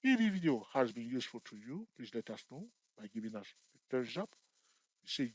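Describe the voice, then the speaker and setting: A man's voice: mid-range voice, animated, a little fast, slightly rough, dry recording, poor audio. A man teaching trading over a screen-share chart tutorial, often repeating checks like "you see" and "okay". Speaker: trading educator.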